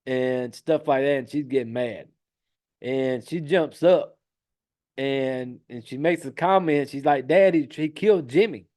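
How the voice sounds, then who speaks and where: A man's voice: medium pitch, slow, darkish tone. A man casually recapping a horror film plot, rambling and swearing freely, with frequent laughs. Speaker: podcast host recapping a film.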